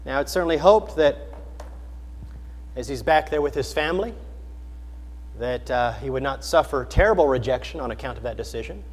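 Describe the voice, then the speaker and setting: A man's voice: mid-range voice, expressive, moderate pace, pauses often, big-room sound. A man preaching a sermon in an earnest, questioning manner, building emphasis through repetition. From United States.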